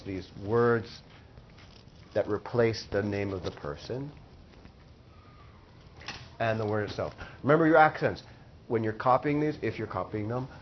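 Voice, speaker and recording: A man teaching a Spanish class, explaining slowly and repeating phrases for the students. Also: fairly low pitch, highs cut off, slight background noise. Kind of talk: classroom lesson.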